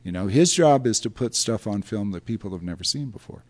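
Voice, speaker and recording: An older man, a film historian, telling long casual anecdotes in a rambling, animated way, acting out quotes and laughing often. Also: on the low side, brisk.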